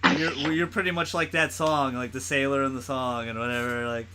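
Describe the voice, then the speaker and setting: A man's voice: medium pitch, steady tone, fairly quick, noisy background. A man co-hosting a podcast, rambling through a casual movie chat with lots of laughing and swearing. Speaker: podcast co-host.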